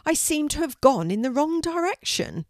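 An older woman voicing a polite, gentle, regal pampered female house cat in a storybook reading. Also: sits high, very animated, normal speed, no room sound, clean studio sound, pitched above the performer's own voice. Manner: polite, gentle, well-spoken.

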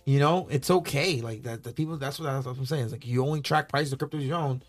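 A man's voice: mid-range voice, fast talker, faint music behind. A man co-hosting a casual podcast, laid-back and teasing, sometimes dropping to a mutter. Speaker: podcast co-host. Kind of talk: casual crypto chat.

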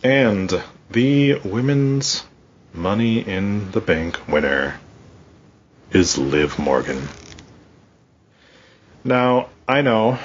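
A man's voice: deep voice, muffled recording, slight background noise. A man co-hosting a casual podcast, ranting and swearing a lot as he talks. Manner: profane, ranting, animated. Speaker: podcast co-host. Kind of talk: casual wrestling podcast chat.

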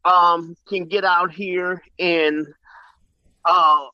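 A man's voice: high-pitched, little pitch movement, extremely slow, smooth, dry recording. A man talking emphatically in a casual group discussion, repeating words and swearing casually. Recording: muffled lo-fi sound.

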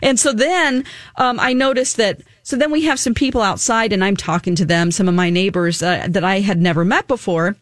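A woman's voice: medium pitch, fairly quick, few pauses, dry recording, clean studio sound. A young adult woman co-hosting a casual morning radio chat, telling a story animatedly, acting out quotes and laughing often. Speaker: radio show co-host.

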